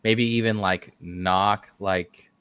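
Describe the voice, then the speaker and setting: A man's voice: fairly low pitch, steady tone, slow, a bit bright, clear, resonant tone, no room sound. A man playing a tabletop game, speaking hesitantly in casual chat and often laughing. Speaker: player.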